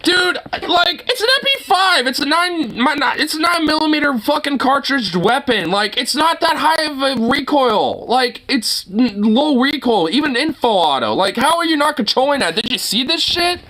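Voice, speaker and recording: A man giving profane, rambling reaction commentary on a video, excitable and swearing constantly. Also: very high voice, moderate pace, few pauses. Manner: excitable, swears constantly, breaks into outraged shouts.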